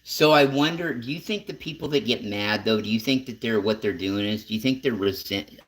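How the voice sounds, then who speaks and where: A man's voice: fairly low pitch, brisk, fairly bright tone. Rambling man hosting a casual talk show. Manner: rambling, restarts questions, swears. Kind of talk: casual interview chat.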